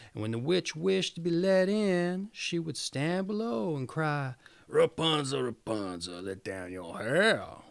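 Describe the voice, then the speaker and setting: A man reading a fairy tale aloud in an expressive, swooping storytelling manner. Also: a little high, gravelly.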